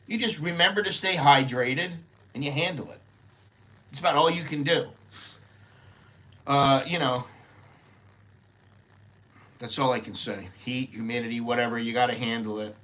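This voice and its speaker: An older man with an American accent rambles through an unscripted vlog monologue, thinking aloud as he goes. His voice has a bright, forward edge, and his pitch sits in the middle of the male range. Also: normal speed, pauses often. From United States. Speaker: vlogger living in Thailand.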